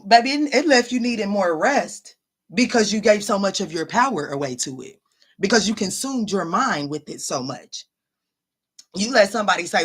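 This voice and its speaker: A woman's voice: medium pitch, animated, normal speed, husky. A woman tarot reader chatting casually to viewers on a live stream, blunt and profane, calling them baby and honey and repeating her points for emphasis. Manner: emphatic, repeats lines for stress.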